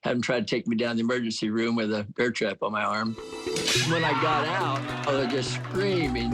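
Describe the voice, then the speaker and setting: A man's voice: mid-range voice, a little fast, fairly bright tone, husky, low-quality recording. A man in his seventies telling a story in a plain, folksy way during a documentary interview. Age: 70s. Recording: faint music underneath. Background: faint music.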